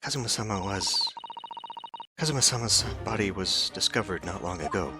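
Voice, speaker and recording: A man's voice: low-pitched, lively intonation, normal speed, over music. A man reading an earnest young woman assistant. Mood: distraught. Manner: pleading, formal.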